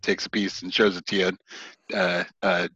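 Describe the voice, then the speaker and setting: A man running a tabletop game as game master, narrating in a halting way with many ums and restarts. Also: low-pitched, flat delivery, bright, forceful tone, slightly rough, dry recording, highs cut off.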